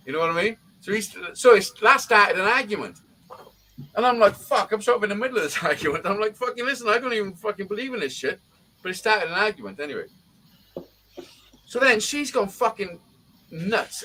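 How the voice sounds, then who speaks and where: Guy, high bright voice, cussing nonstop, rambling stories. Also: poor audio. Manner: swears constantly, rambling anecdotes. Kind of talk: casual chat, storytelling.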